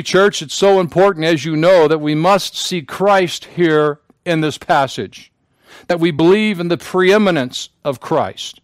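Male pastor, fairly high voice, solemn emphatic sermon delivery, dry recording. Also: no room sound. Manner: preaching with solemn emphasis and repetition. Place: church sanctuary.

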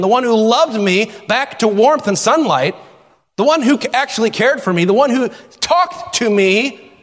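A man's voice: extremely high pitch, fairly bright tone, long reverb tail, voice pushed up. A man preaching voices a grieving, devoted woman, speaking in an impassioned, pleading way.

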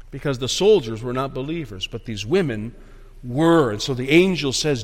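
A pastor preaching a sermon, emphatic and repeating key phrases, often dropping to a soft, hushed delivery. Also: male voice, high-pitched, expressive, a little fast. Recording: long hall reverb.

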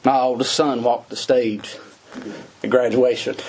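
A man's voice: mid-range voice, fairly even intonation, measured pace, very noisy. A middle-aged man preaching a sermon in a folksy, conversational way, asking his listeners rhetorical questions.

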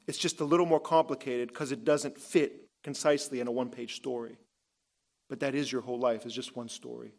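A male pastor giving a sermon, emphatic, with his voice swinging between loud and hushed for effect. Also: mid-range voice. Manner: emphatic, rising and dropping for effect.

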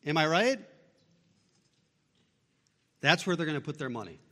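A male pastor preaching a sermon, shifting between loud emphatic bursts and quiet low passages. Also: big pitch swings, unhurried. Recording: long reverb of a large hall.

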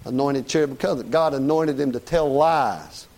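A man's voice: medium pitch, moderate pace, a little mellow, low-quality recording. A man preaching a sermon to a congregation in a church, emphatic and folksy, firing off rhetorical questions and calling for amen.

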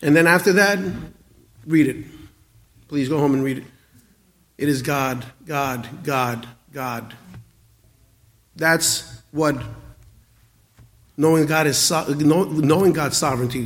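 A man's voice: fairly high pitch, normal speed, pauses often. Earnest stammering preacher man in his forties. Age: 40s. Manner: earnest, stammering restarts, swings from loud to quiet. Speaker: pastor. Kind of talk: sermon.

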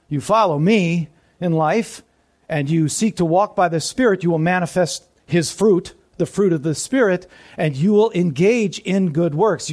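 Preaching man asking the room questions. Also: fairly high pitch. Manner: call-and-response questions to the congregation, dropping to soft asides. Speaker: pastor. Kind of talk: sermon.

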